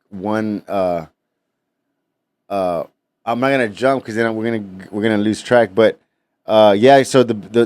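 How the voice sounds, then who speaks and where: A man's voice: lowish voice, darkish tone, no echo. A man hosting a casual podcast, rambling with many fillers and restarts. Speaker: podcast host.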